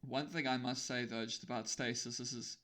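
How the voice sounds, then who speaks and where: A man at a middle pitch hosting a laid-back interview podcast. He talks in a chatty, meandering way, trailing off and restarting as he goes. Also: steady tone, fairly quick, fairly bright tone. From South Africa. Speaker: podcast host. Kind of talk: casual interview chat.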